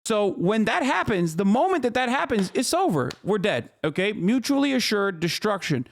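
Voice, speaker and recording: A man's voice: high-pitched, sing-song, moderate pace, creaky. A man in his thirties streaming a heated, profane political rant to his chat, angry and stumbling over restarts.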